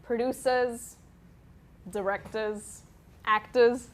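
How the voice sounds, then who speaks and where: A woman in an acting class playing a woman with a put-on New York accent who brags about meeting important show people, in a high, drawn-out voice. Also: steady tone, slight background noise. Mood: boastful. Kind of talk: scene study acting.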